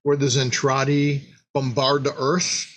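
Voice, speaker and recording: A man's voice: measured pace, rough recording. A man, a company founder, recounting his history in a casual, rambling anecdotal way, full of restarts and repeated words, and acting out quoted dialogue. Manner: animated, acts out quoted dialogue with big pitch jumps.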